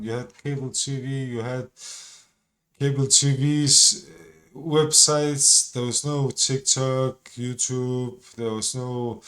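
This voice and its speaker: A man with a slangy style, giving casual reaction commentary. He talks in an exasperated, swearing way. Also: mid-range voice. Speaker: video commentator.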